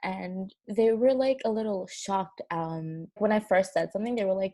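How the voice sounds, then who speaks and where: A young woman with a New Zealand accent, co-hosting a casual podcast in a relaxed, agreeable way with many fillers. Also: mid-range voice, moderate pace. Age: young adult. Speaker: podcast co-host. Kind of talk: casual chat.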